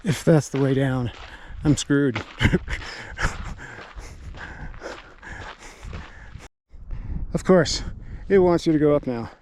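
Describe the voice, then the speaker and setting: A man's voice: a little high, normal speed, few pauses, warm tone. An out-of-breath man filming himself on a mountain trail during a race, weary and muttering to himself between climbs. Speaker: trail runner vlogging a race. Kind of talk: breathless self-filmed race diary. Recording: noisy outdoor camera audio.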